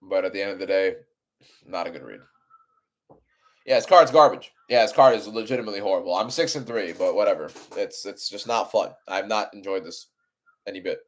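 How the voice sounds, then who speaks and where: A man's voice: on the low side, a little fast. Exasperated young man ranting on stream. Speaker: streamer doing a fight watchalong. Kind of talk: live stream commentary.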